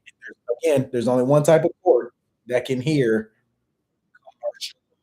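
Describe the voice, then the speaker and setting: Dude teaching a livestream class, loose slangy talk, mellow dark voice, keeps repeating stuff. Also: male voice, medium pitch, moderate pace, poor audio. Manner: conversational, slangy, repeats phrases for emphasis. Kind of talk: casual lecture reading from dictionaries.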